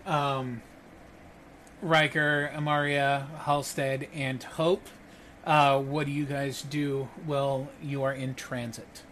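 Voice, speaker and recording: A man narrating a tabletop game as game master, describing scenes at an easy pace and pausing often with fillers. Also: medium pitch, slight background noise. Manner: relaxed narration with frequent fillers.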